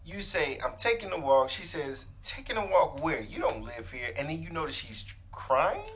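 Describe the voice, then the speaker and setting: A man's voice: fairly high pitch, very animated, normal speed, a bit bright. A man co-hosting a podcast, teasing his friend and recapping the story in casual banter. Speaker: podcast co-host.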